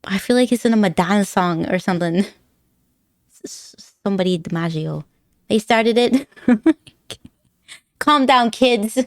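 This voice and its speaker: A woman's voice: mid-range voice, lively intonation, unhurried, long pauses, dry recording, studio quality. A woman live streamer chatting casually with her viewers, rambling and giggly, laughing often and teasing her chat playfully.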